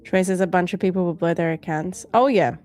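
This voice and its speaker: A woman's voice: lowish voice, a little fast, a little mellow, faint music behind. A woman hosting a live trading stream, reading viewer comments aloud in a playful, teasing way and laughing often. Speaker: livestream trading show host.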